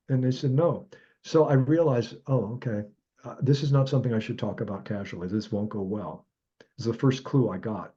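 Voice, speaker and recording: A man's voice: slightly rough, lo-fi sound. A man telling a personal story as a guest author, acting out the voices in his dialogue. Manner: animated, acts out quoted dialogue with jumps in pitch. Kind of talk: reflective storytelling.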